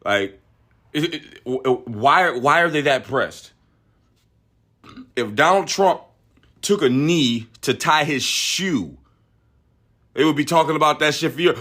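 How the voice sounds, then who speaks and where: A man's voice: fairly high pitch, expressive, measured pace, pauses often, a bit bright. A man hosting a podcast, giving opinionated political commentary in a profane, ranting way, often stumbling and repeating words. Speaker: podcast host.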